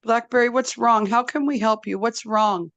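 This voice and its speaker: A woman voicing a gentle, caring male wolf healer in a spoken folk tale, pleading softly. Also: fairly high pitch, fairly even intonation, normal speed, no echo, muffled recording, voice pushed up. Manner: pleading, patient, soft-spoken.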